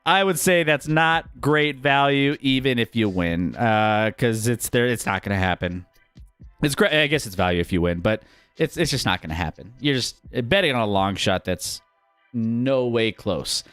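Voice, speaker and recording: A man hosting a casual sports talk show, energetic and rambling as he previews the season. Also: mid-range voice, normal speed, smooth, no room sound, soft background music. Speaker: sports podcast host.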